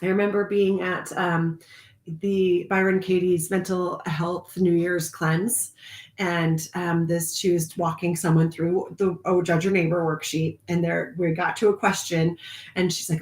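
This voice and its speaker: Low-voiced woman guiding a spiritual circle. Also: flat delivery, roomy sound. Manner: warm, confiding, laughs often, speaks slowly at moments. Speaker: spiritual group leader. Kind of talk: guided spiritual talk to a live online group.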